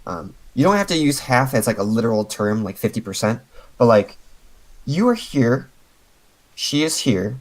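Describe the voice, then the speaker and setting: A man's voice: mid-range voice, very animated, moderate pace, low-quality recording. A man coaching a player over a voice call, patiently explaining step by step with lots of fillers. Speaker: game coach.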